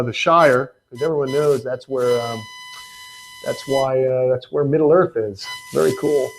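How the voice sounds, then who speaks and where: Laid-back man hosting a live stream. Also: fairly high pitch. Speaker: host.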